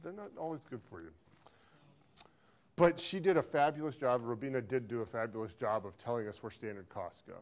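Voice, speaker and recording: A man teaching an accounting class, lively, quizzing students and repeating key phrases, recorded in a classroom. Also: medium pitch, a little fast. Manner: animated, asks the class questions and drills a phrase. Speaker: accounting instructor. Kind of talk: classroom lecture. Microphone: filmed by a videographer in class.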